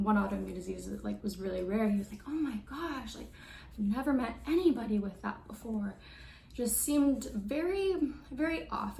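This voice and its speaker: A woman's voice: medium pitch, creaky, a little mellow, reverberant, a little hiss or hum, poor audio. A young woman in her twenties telling a story-time vlog, chatty and full of fillers. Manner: chatty, lots of fillers and likes. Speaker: vlogger.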